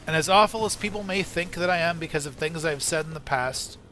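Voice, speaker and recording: A man's voice: fairly high pitch, a little fast, sharp tone, slight background noise. A man streaming a video game, ranting and arguing in casual, profanity-laced commentary. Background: game music.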